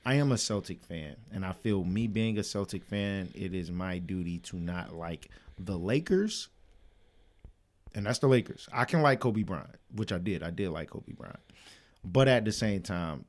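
A man co-hosting a podcast in casual, profane chat, animated and quick to laugh. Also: sits low. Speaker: podcast co-host.

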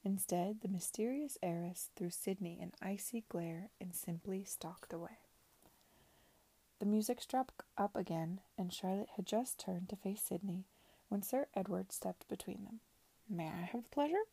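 Brief: woman narrator, whispered reading, gravelly, dry. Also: mid-range voice, a little slow, no room sound. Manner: soft, hushed narration. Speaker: reader.

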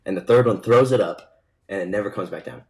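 A man's voice: on the low side, a little fast, a little mellow, poor audio. A young man co-hosting a podcast, casually telling a long rambling joke and laughing along with it. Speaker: podcast co-host.

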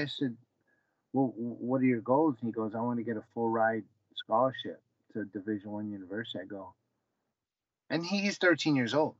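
A man's voice: on the low side, moderate pace, no echo. A man in his forties, a former fighter and wrestling coach, telling a long story in a casual interview, full of fillers and restarts, acting out the dialogue. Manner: rambling, many fillers and restarts, acts out dialogue. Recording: dull, slightly lo-fi, dry sound.

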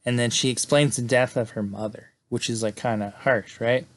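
A man talks through a story in a relaxed, rambling recap. He strings events together with "and then" and leans on "you know" and "like". His voice sits at a middling pitch for a man. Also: moderate pace. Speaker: film recap host. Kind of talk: casual plot recap.

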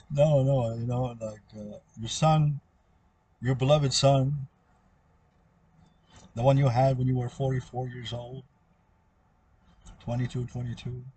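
A man's voice: mid-range voice, fairly even intonation, slow pace, pauses often, warm tone, breathy edge. A man talking in a rambling, repetitive monologue that often trails off.

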